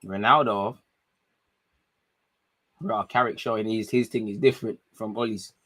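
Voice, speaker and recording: A young man, giving casual, excitable live commentary to viewers during a football watchalong stream, talking in slangy street speech. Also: lowish voice, unhurried.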